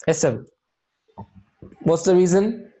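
A man's voice: a little high, expressive, drawn-out words, dark tone. A man teaching an Arabic grammar class, explaining step by step with patient, encouraging check-ins.

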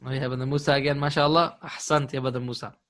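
A man's voice: medium pitch, flat delivery, fast talker, fairly bright tone. A man teaching an Arabic grammar class live online, patient and encouraging, often chuckling.

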